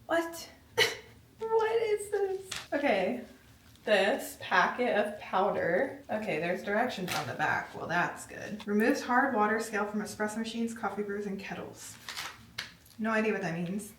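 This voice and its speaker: A young woman vlogging casually as she unboxes and reads the labels aloud, chatty and easily excited, sometimes out of breath. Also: mid-range voice, moderate pace, far from the mic, background noise. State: out of breath at times. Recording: echoey room, voice from off-mic.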